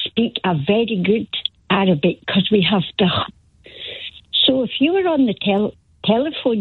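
A woman's voice: medium pitch, slightly rough, no echo. Glaswegian woman caller on the phone. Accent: Glasgow. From Scotland. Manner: cheerful, laughs often. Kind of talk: radio phone-in call. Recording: tinny phone line.

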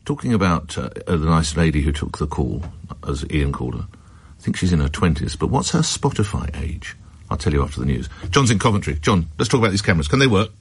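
A man hosting a radio phone-in, chatty and brisk, quick to cut in on callers. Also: very deep voice, animated, husky.

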